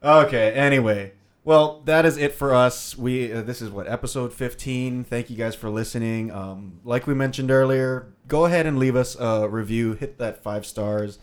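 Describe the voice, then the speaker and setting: A man's voice: medium pitch, moderate pace, clear, resonant tone. A young man co-hosting a podcast, signing off in a wry, joking, laid-back way. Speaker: podcast co-host. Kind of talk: casual chat, sign-off.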